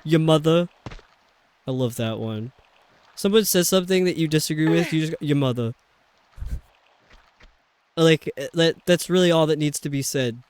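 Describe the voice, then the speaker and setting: A man's voice: on the high side, fairly quick, clean tone, no room sound. A man streaming a video game, chatting casually and rambling with lots of fillers. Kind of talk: casual chat while playing a video game.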